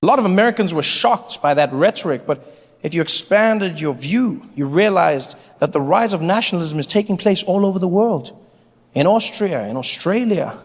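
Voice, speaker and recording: A male stand-up comedian performing an animated, mocking routine live on stage. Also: high-pitched. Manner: animated, mocking, rising to shouts. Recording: reverberant theater with faint noise.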